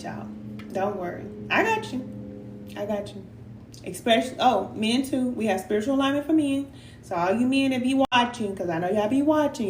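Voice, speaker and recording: A middle-aged woman speaks as a spiritual reader in a heartfelt, preacherly way, dropping into easy slang with her listeners. Her voice sits a little high and carries the echo of a bare room, with a faint hum behind it. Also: darkish tone. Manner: heartfelt, preacherly, slips into casual Black American slang; sometimes emotional and sighing. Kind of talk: live tarot reading and motivational talk.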